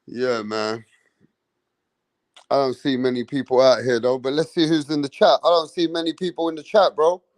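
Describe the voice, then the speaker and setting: A man's voice: mid-range voice, fairly even intonation, normal speed, no room sound. A man hosting a live stream about boxing, brash and profane, talking straight to his chat and boasting about his predictions. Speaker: boxing channel host.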